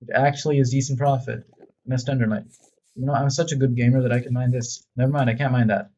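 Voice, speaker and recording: Man, mid-pitched, casual gaming commentary with a self-mocking, rambling delivery; slightly muffled, lo-fi recording. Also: little pitch movement, fast talker, warm tone. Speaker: gaming video creator.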